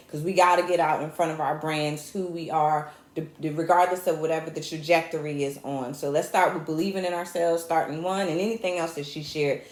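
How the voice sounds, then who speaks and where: A woman with a Southern US accent hosting a casual comedy talk show, joking and speaking with conviction. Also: low voice. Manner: animated, joking, preachy asides. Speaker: host. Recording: echoey room.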